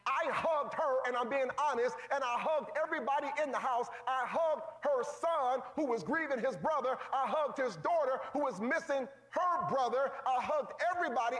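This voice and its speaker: A man preaching a sermon as pastor, calling out to his congregation, swinging from shouts to hushed low tones. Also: normal speed, hardly any pauses. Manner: calls out to the congregation, folksy phrasing.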